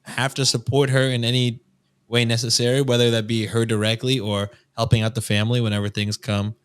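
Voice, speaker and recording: A man's voice: mid-range voice, flat delivery, brisk, clear, resonant tone. A man co-hosting a casual podcast, giving long earnest opinions with many hesitations. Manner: rambling, many "uh" fillers, earnest. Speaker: podcast co-host.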